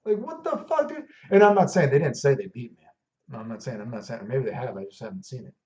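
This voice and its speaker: A man's voice: medium pitch, sing-song, quick pace, warm tone, distant mic. A man hosting a gaming video, delivering a heated, profane, rambling rant with lots of fillers. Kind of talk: unscripted rant to camera. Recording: dull lo-fi recording.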